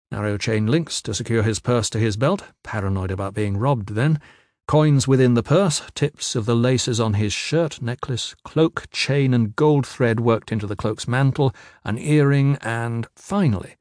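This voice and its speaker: A male audiobook narrator with a medium-pitched voice reads a fantasy novel in a steady, measured way. He is recorded close to the mic in a very dry room with no echo. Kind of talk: scripted narration.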